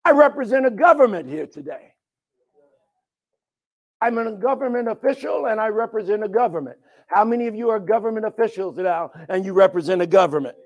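High-voiced preacher, shouting and hushed by turns. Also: male voice, animated, a little fast. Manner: emphatic, swings from sudden shouts to hushed asides. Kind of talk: sermon with call and response.

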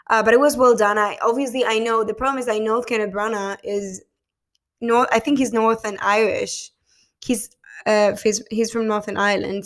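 Woman podcast host, casual solo film chat, rambling, swears freely, lots of ums, middle pitch.

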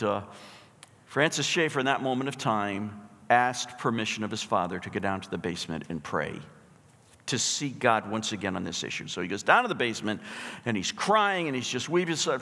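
A middle-aged male pastor preaching a sermon, telling a story in an emphatic, animated way. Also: on the low side, fairly quick, long reverb tail.

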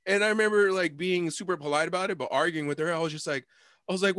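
A man telling a rowdy night-out story in casual chat, swearing and quoting people in sudden high voices, laughing often. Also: quick pace, dry recording, studio quality. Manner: animated storytelling, swearing, quoting people with big pitch jumps.

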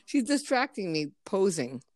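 A woman's voice: mid-range voice, very animated, normal speed, no room sound, studio quality. A middle-aged American woman chatting casually on a podcast, telling stories with frequent laughs and offhand swearing. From United States. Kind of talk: casual chat, telling anecdotes.

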